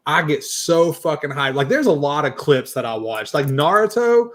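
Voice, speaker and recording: A young man hosting a casual podcast chat, excitable and swearing freely. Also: a little high, moderate pace. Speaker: podcast host.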